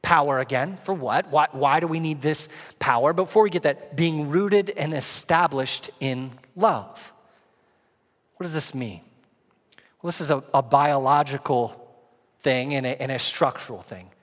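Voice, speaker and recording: A man preaching a sermon as pastor, earnest and storytelling, his voice rising and building when he gets excited. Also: medium pitch, moderate pace. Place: church sanctuary. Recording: long reverb of a church hall.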